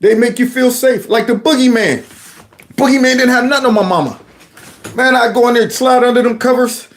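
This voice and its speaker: A man telling a comic story in an animated way, speaking straight to his audience. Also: very high voice, brisk. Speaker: comedic storyteller. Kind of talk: comedic storytelling.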